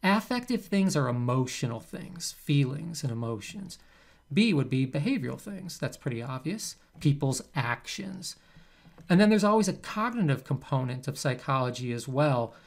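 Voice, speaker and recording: A man, a psychology professor, giving a recorded lecture in a conversational, animated way. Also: fairly high pitch, normal speed, gravelly. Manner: conversational, animated, acts out quoted subjects.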